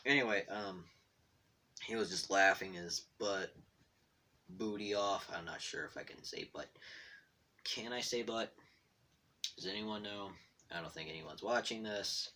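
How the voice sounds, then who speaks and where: A man's voice: on the low side, measured pace, pauses often, pushed and bright, slight background noise. A man telling a meandering story from his bedroom while drawing, self-deprecating and tripping over his words. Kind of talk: rambling casual storytelling. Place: bedroom at home.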